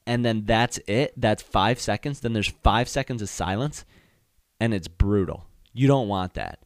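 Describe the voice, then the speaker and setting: A man's voice: fairly low pitch, unhurried, no room sound, studio quality. A young man hosting a solo podcast, telling comedic stories and acting out voices and sound effects. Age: young adult. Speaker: podcast host.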